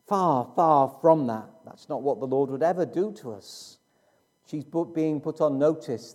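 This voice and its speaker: A man delivers a sermon at an unhurried pace, leaning on each phrase with deliberate pauses. His voice is mellow and warm, sitting a little high for a man. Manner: slow, emphatic preaching with dramatic pauses. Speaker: preacher.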